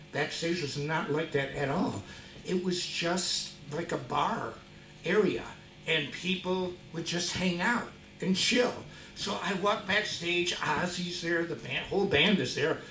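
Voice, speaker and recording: A middle-aged guitarist telling a story from a concert stage, excitable, laughing and shouting out his punchlines. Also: a little high. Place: live concert venue. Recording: echoey concert hall, mic far off.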